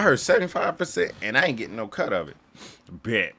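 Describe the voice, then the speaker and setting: A young man giving sarcastic, jokey commentary while playing a game, often yelling at it. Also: on the low side, very animated, fairly quick, husky. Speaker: gaming YouTuber. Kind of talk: casual gameplay commentary.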